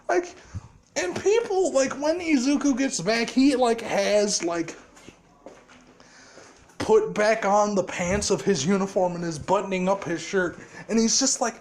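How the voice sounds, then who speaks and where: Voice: medium pitch, unhurried. A casual storyteller rambling through a fan scenario with frequent laughter, filler words and heavy swearing.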